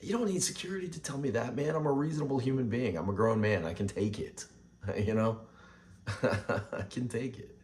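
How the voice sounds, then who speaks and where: A man in his forties ranting in a casual vlog. He rambles with halting restarts and sounds frustrated. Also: medium pitch, darkish tone.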